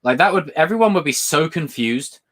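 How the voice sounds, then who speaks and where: A man's voice: fairly high pitch, expressive, a little fast, a bit bright. A man hosting a casual live stream. He reads viewer questions aloud, answers them, swears casually and laughs a lot while telling stories.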